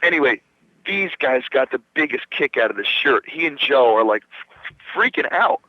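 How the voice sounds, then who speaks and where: A man's voice: medium pitch, expressive, moderate pace, dry recording. A man from Minnesota, a rock guitarist, telling a long backstage story in a casual radio interview, acting out the voices of the people in it and swearing casually. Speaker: guitarist guest. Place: radio studio. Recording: dull dry radio recording.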